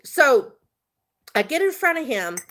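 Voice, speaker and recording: A woman telling a story on a casual livestream, animated and chatty, laughing often. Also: sits high, unhurried. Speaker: vlogger.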